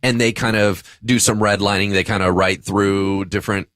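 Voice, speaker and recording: A man, a pastor co-hosting a podcast, telling a story about himself in a lively, self-deprecating way. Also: fairly low pitch, normal speed, no room sound. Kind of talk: casual podcast discussion.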